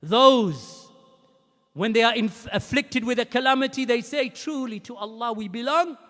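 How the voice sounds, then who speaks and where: A male preacher delivers an emphatic sermon in a very high, bright, forceful voice. He hammers his points through repetition and sometimes breaks into shouts. A long reverb trails his words as if in a large hall. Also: animated, moderate pace.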